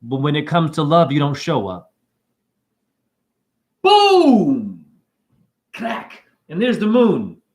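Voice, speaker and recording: Lively, erratic man rambling to camera. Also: on the high side, normal speed. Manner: erratic, free-associating, shouting out asides. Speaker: spiritual video host.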